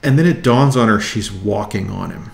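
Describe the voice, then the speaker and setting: A man casually reviewing his weekly comic haul, enthusiastic and excitable. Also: lowish voice, moderate pace, creaky, echoey room.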